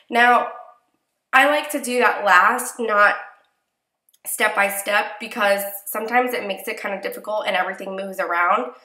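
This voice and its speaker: A woman's voice: mid-range voice, roomy sound. Nasal young woman with a cold. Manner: chatty, relaxed instructions with fillers. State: congested from a cold. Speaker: crafting tutorial host. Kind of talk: casual voice-over tutorial.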